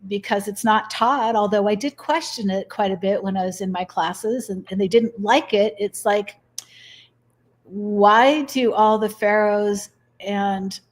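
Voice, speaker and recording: A middle-aged woman as an interview guest, telling personal stories earnestly and acting out the dialogue. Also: medium pitch. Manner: earnest, acts out quoted dialogue. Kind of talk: interview storytelling.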